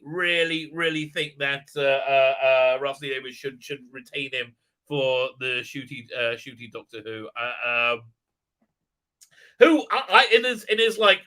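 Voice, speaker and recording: A man's voice: fairly high pitch, pushed and bright. A man giving a casual, rambling and sarcastic spoken review of a TV episode, full of "uh" fillers and restarts. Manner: mocking put-on voices for characters. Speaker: video reviewer.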